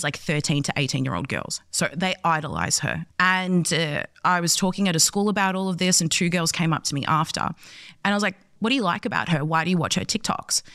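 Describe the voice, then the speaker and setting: A woman's voice: mid-range voice, a bit bright, no echo. Woman in her 20s, earnest interview guest, acts out quotes, dry close sound. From Australia. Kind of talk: passionate conversational storytelling.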